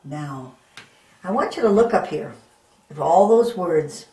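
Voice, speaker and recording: Slow, patient woman teaching phonics. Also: deep voice, animated, dark tone. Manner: slow, sounding words out letter by letter; coaxing questions to young learners. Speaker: reading teacher. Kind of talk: phonics lesson for children. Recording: echoey room.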